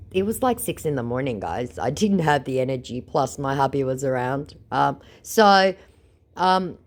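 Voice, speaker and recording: A tired woman vlogger chatting casually to her viewers, sarcastic, with lots of fillers. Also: low voice. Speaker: scambaiting vlogger. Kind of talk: casual vlog narration.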